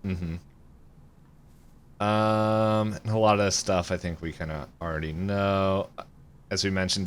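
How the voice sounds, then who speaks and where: A man co-hosting a podcast, going through wiki notes in casual chat with frequent ums and pauses. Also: sits low, slight background noise. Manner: hesitant, lots of ums while reading notes. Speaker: podcast co-host.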